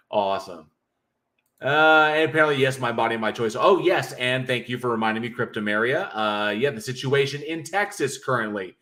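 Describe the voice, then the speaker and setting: A man's voice: medium pitch, animated, moderate pace, bright, forceful tone. A man hosting a livestream in casual chat, reading viewer comments aloud and joking with a loose, profane manner. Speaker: livestream host.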